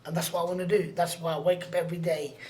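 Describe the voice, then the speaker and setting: Earnest man, often sinking into a hush. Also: a little high, level tone, racing, a little hiss or hum. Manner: often drops to a hushed near-whisper; earnest, slangy, repeats phrases for emphasis. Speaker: podcast guest. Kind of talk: emotional personal storytelling.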